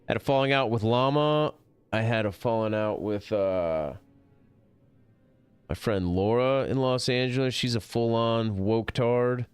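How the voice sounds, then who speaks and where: Male streamer, middle-aged, profane rambling talk, smooth voice, dry close mic. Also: medium pitch, dry recording. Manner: profane, rambling, gets heated. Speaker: gaming streamer. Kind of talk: casual rant over gameplay.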